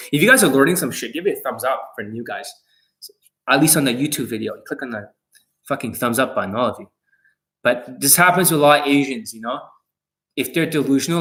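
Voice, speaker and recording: A man coaching viewers on a live stream, talking in a blunt, heavily profane, confrontational way and swinging between loud jabs and low asides. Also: low-quality recording. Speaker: dating coach livestreaming to viewers. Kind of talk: live stream rant, reading viewer comments.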